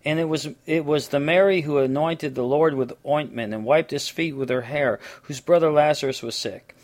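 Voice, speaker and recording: A man's voice: fairly high pitch, normal speed, darkish tone. A man preaching a sermon, earnest, often restarting and repeating phrases.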